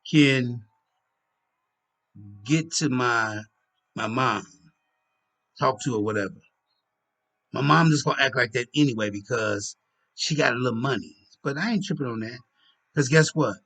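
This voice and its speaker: A man's voice: medium pitch, a bit bright. A tired, yawning man rambling through a casual monologue for his own video, repeating himself and murmuring asides. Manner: repetitive, drifting, with murmured asides. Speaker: vlogger.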